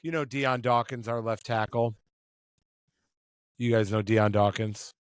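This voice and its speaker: A man's voice: mid-range voice, fairly even intonation, a little slow, clean tone, dry recording. A man co-hosting a casual sports podcast, joking and rambling with restarts over a remote call. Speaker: podcast co-host. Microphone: remote call mic.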